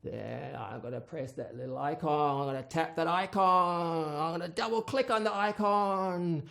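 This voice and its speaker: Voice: medium pitch, normal speed, creaky, fairly bright tone, pitched above the performer's own voice. A storyteller voicing a stern priest who lectures a child about punishment, in a preachy, menacing way. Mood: threatening.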